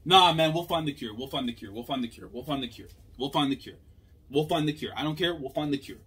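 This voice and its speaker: A man hosting a manga reaction video, reading the characters' lines aloud in a quieter voice and breaking into loud, excited outbursts between them. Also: medium pitch, moderate pace, husky.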